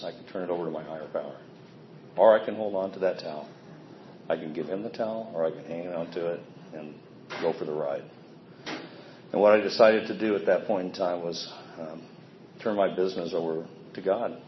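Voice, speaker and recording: A man giving a candid, plainspoken personal recovery testimony, self-deprecating about his past behavior. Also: deep voice. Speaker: speaker sharing a recovery story. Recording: echoey, dull sound with faint ambient noise.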